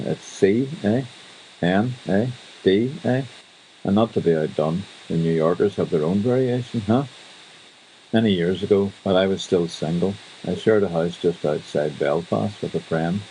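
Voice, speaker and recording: A man's voice: sits low, warm tone, a little hiss or hum, low-quality recording. A Northern Irish man hosting a radio show, chatting wryly in a casual monologue. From Northern Ireland. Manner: chatty, wry storytelling. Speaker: radio host.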